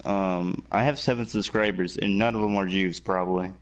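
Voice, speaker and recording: A man's voice: deep voice, fairly even intonation, moderate pace. A man joking and teasing in a casual late-night chat. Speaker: guest.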